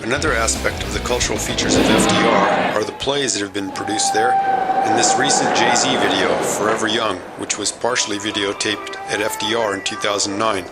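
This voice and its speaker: A man reading scripted documentary narration in an even, measured way. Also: lowish voice. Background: loud guitar music.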